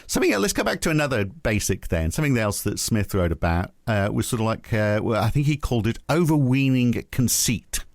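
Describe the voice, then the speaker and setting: A man's voice: mid-range voice, big pitch swings, a little fast, hardly any pauses, dry recording, studio quality. A man co-hosting a podcast, musing in casual chat with frequent restarts and fillers. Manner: musing, rambling, many restarts. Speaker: podcast co-host.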